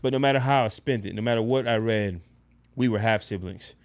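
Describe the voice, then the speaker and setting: A man casually telling a personal story in a blunt, profane, animated way as a podcast guest. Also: fairly low pitch, brisk.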